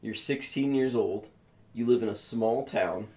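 A man's voice: lowish voice, unhurried, a little mellow. A young man co-hosting a comedy podcast, telling silly stories in casual banter and giggling often. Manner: giggly, joking, playful storytelling. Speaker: podcast co-host.

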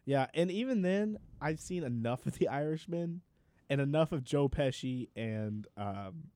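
A man co-hosting a podcast, talking in a relaxed, rambling way with fillers. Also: medium pitch, measured pace, no room sound. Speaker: podcast co-host. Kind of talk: casual chat.

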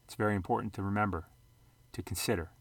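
A man with a fairly low voice talks viewers through charts in a loose, rambling vlog style. He corrects himself often and throws in jokey asides. The sound is dry and close, with no room echo. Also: fast, husky. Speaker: sports card and investing vlogger. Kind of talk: casual screen-share commentary.

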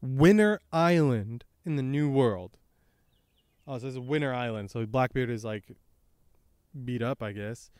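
A man's voice: medium pitch, measured pace, long pauses, darkish tone, clean tone, no echo. A man hosting a podcast, chatting casually through a comic chapter, rambling and trailing off on a close mic. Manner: rambling, reads dialogue aloud, trails off. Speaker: podcast host.

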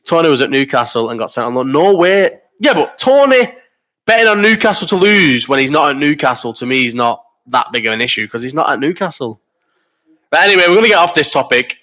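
Man, early thirties, bright forceful voice, sweary rambling banter, coughing and under the weather, live-stream chat into a desk mic. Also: a little high, sing-song, a little fast. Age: 30s. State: sick with a cough. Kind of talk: casual live-stream chat reading comments. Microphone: desk microphone.

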